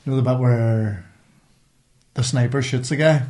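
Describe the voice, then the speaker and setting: A man's voice: medium pitch, steady tone, normal speed, mellow. A man co-hosting a podcast, recounting clips in casual, chatty talk. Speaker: podcast co-host. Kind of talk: casual chat.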